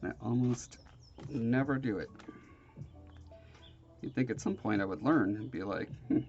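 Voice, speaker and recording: A man's voice: medium pitch, a little slow, gravelly, darkish tone, highs cut off, faint music behind. A man with a sniffly, nasal voice, hosting a casual hands-on crafting tutorial in a self-deprecating, rambling way. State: sniffly, congested. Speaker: crafting show host.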